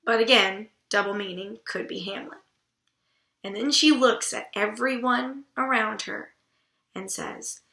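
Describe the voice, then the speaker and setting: Blunt, bright-voiced woman vlogger. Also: fairly high pitch, a little slow, creaky, echoey room. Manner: blunt and irreverent, swears casually. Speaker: book vlogger host. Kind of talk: casual literary commentary.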